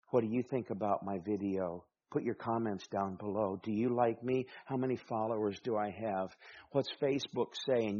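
A man's voice: on the low side, mellow, husky, lo-fi sound. A man with a Southern American accent preaching a sermon, folksy, with rhetorical questions and humorous asides. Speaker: pastor.

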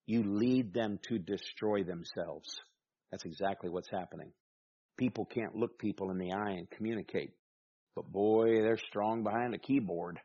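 Husky-voiced Southern preacher. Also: male voice, fairly low pitch, normal speed, lo-fi sound. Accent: Southern American. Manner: folksy preaching, rhetorical questions, humorous asides. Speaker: pastor. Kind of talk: sermon.

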